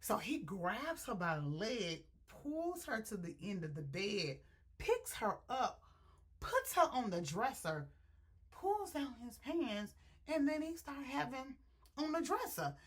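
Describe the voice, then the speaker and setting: Husky-voiced woman retelling a story. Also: fairly high pitch, slow. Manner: animated, chatty, addresses viewers directly. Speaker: book reviewer.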